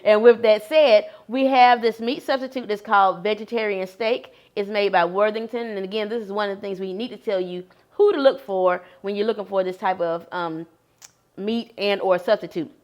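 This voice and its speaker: A woman demonstrating a vegetarian recipe, explaining each step in a steady, practical way. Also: mid-range voice, normal speed. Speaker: cooking demonstrator. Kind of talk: cooking demonstration.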